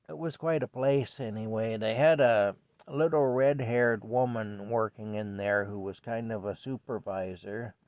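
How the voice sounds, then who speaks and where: Older canadian guy rambling a story at home, gravelly voice, dull dry lo-fi sound. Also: on the low side, no echo. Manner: rambling, chuckling, self-interrupting. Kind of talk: casual storytelling vlog. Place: indoors at home with a cat.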